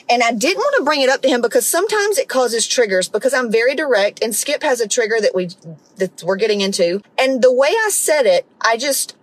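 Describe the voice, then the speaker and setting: A woman's voice: medium pitch, dry recording, rough recording. A middle-aged woman, hosting a podcast and telling a story in a blunt, profane, casual way. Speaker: podcast host. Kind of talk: casual monologue.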